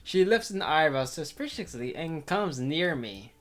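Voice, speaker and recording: A man's voice: fairly high pitch, sing-song, a little slow, soft background music. A man reading a visual novel aloud with his own commentary, rambling and cutting himself off. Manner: rambling, self-interrupting, laughs often. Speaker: let's player.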